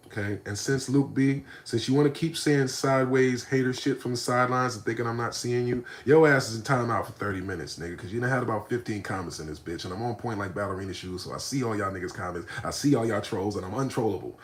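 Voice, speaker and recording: A man ranting on a livestream, animated and profane, swinging between low mutters and shouting. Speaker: streamer. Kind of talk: livestream rant.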